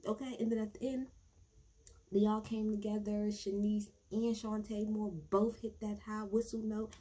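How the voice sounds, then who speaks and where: A woman recapping an awards show in a casual chat to her viewers, animated and gushing, swearing freely as she talks straight to the camera. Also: medium pitch, normal speed, poor audio.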